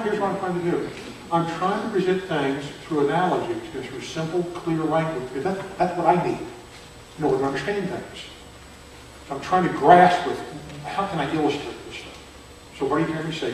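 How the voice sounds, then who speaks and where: An older man teaching a Bible seminar at a church, chatty, quizzing his listeners and turning loud and emphatic. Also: a little high. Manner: conversational, asks the audience questions, grows loud and emphatic. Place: church hall. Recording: very echoey hall from far off, faint noise.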